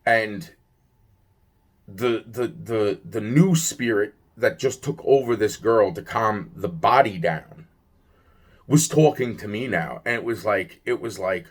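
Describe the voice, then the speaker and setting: Recounting something that happened to him, a young man rambles in an agitated, profane way, full of fillers and restarts. He speaks slowly in a lowish, animated voice.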